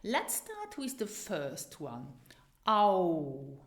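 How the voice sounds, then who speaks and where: A woman whose first language is Luxembourgish teaches pronunciation, saying each word slowly and repeating it for the listener to copy. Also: mid-range voice, sing-song, echoey room. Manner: slow, deliberate, repeats words for practice. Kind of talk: pronunciation lesson.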